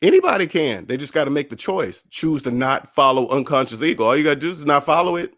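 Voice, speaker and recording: With a fairly high pitch and a quick pace, this man hosts a personal finance channel of his own. His talk is relaxed and motivating, and he gets animated acting out the quoted voices of others in his stories.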